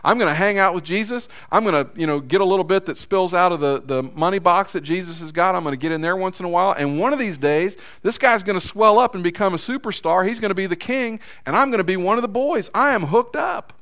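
A preacher playing a scheming, ambitious disciple who talks eagerly about getting ahead, then pleads in disbelief. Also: male voice, high voice, fast talker, hardly any pauses, fairly bright tone, pitched above the performer's own voice.

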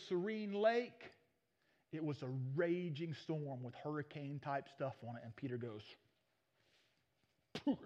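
A male preacher, retelling Bible stories in a lively sermon and acting out the characters in folksy voices. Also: fairly high pitch. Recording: dull muffled recording.

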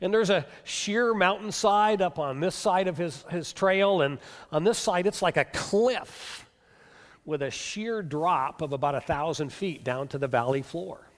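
A male pastor preaching a sermon, telling a story with animation and dropping to hushed tones. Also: sits high, a little slow. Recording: long reverb of a hall.

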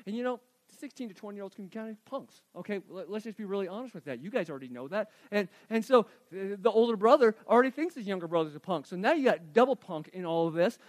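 A man with a high, light speaking voice delivers a sermon, retelling a scripture story in a casual, animated way as if chatting with his congregation. The sound is close and dry, with no room echo. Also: fast, hardly any pauses. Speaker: pastor.

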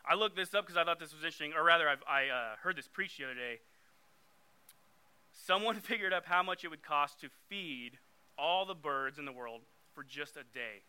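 A man's voice: fairly high pitch, animated, normal speed, sharp tone, smooth. A young man giving a conversational sermon, getting emphatic when he reads scripture aloud. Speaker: youth preacher.

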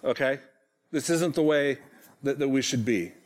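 A man's voice: mid-range voice, normal speed. A man in his forties preaching a sermon to his congregation in a church, talking in a conversational, self-deprecating way and often checking in with "okay?". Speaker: pastor. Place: church sanctuary.

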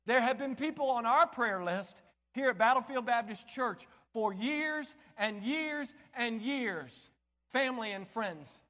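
A man pastor preaching a sermon in a church, impassioned, swinging between shouting and near-whispering. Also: sits high. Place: church sanctuary. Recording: long church hall reverb.

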